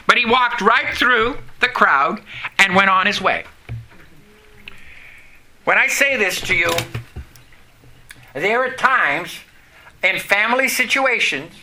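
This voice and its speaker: High, bright-voiced male preacher. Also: lively intonation, a little hiss or hum. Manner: preaching with call-and-response, dramatic pauses and drops in pitch. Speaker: pastor. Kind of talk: sermon.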